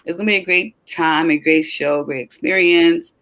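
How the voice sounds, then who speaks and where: A woman's voice: lowish voice, moderate pace, low-quality recording. Chatty upbeat woman, tired. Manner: chatty, upbeat, with bursts of excitement and many fillers. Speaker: co-host of a web talk show. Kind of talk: casual chat.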